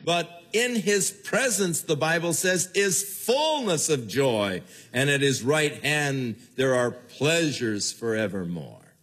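An older man preaching a sermon in an earnest way, with his voice falling low and soft at the ends of phrases. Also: big pitch swings, slow, hardly any pauses. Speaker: pastor.

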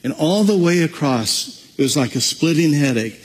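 A male preacher with a slightly high, husky voice, delivering an animated sermon full of storytelling. His words ring out in a long-reverb hall. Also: normal speed.

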